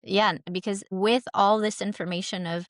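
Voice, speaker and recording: A woman's voice: mid-range voice, fairly even intonation, normal speed, dry recording, clean studio sound. A woman therapist, around her thirties, explaining parenting ideas earnestly in a podcast interview, often restarting her sentences. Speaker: therapist guest.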